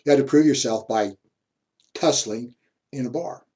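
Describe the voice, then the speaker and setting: A man with a medium-pitched, mellow voice gives a university history lecture at a fairly quick pace, chatting through personal stories and chuckling often as he mixes anecdotes into the class.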